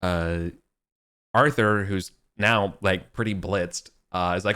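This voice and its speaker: Young guy gm telling the story, chill rambly delivery, voice on the low side. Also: fairly even intonation, slow pace, pushed and bright, clear, resonant tone. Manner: loose and rambling, heavy on fillers. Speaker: game master. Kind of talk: casual narration of a tabletop game.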